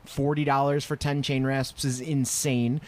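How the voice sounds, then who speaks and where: A man co-hosting a podcast, talking in sarcastic casual chat with low asides. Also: level tone, measured pace. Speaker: podcast co-host.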